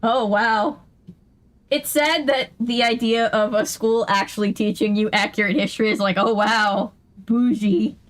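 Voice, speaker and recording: Chatty woman streamer, fairly high voice. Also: steady tone. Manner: quick, incredulous reactions. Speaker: host. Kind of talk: casual gaming chat with a friend.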